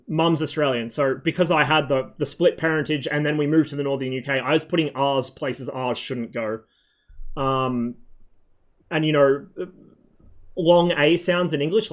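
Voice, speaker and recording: A man chatting casually on a live game stream, wandering from one thought to the next. He swears freely and fills pauses with ums and likes. His voice sits at an ordinary middle pitch. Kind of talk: casual rambling stream chat.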